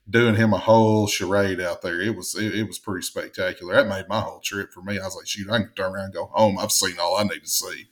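A man in casual chat, halting and repeating words as he tells stories. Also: low-pitched. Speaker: podcast panelist.

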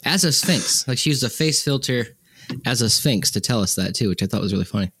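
A man's voice: medium pitch, expressive, fairly quick, fairly bright tone, breathy edge, no echo. A man co-hosting a podcast, telling rambling stories with sarcastic asides. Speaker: podcast co-host. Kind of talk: casual chat.

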